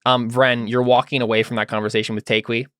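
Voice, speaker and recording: A man's voice: mid-range voice, flat delivery, fast talker, fairly bright tone, clear, resonant tone, no echo, studio quality. A man running a tabletop game as game master, narrating scenes with many fillers and restarts.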